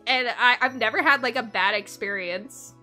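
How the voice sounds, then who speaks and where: A woman's voice: fairly high pitch, sharp tone. A young woman streaming live, chatting casually with her chat and giggling often between sentences.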